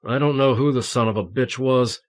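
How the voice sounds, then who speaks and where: A man's voice: medium pitch, brisk, natural voice. A male audiobook reader voicing a young male teacher just recovered from torture, ragged and agitated. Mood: shaken.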